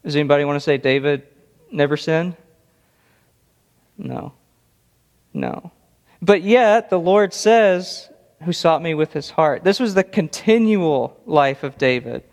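A man's voice: fairly high pitch, expressive, measured pace, pauses often, a little mellow. A man preaching an expository sermon, earnest and emphatic, often repeating words for stress. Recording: long reverb of a large hall.

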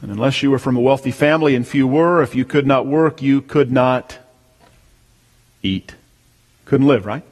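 A man preaching a sermon as pastor, emphatic, swelling to near-shouts on key words. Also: medium pitch, moderate pace, pauses often, in a large hall.

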